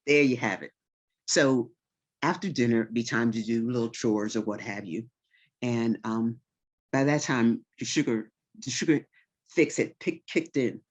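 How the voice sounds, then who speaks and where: A woman storyteller telling a childhood tale in a relaxed, folksy, conversational way, full of vivid detail. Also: a bass voice, measured pace. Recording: slightly dull recording.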